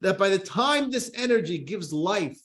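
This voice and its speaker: A man, a rabbi, teaching a class, reading a text aloud and explaining it in an animated way to listeners. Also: high voice, normal speed. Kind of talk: Torah class lecture. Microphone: microphone in front of him.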